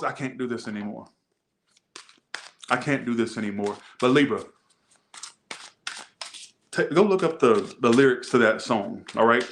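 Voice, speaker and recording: A man's voice: mid-range voice, a bit bright, a little hiss or hum. A man hosting a tarot reading video, chatting casually with rambling, joking asides. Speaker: tarot reader.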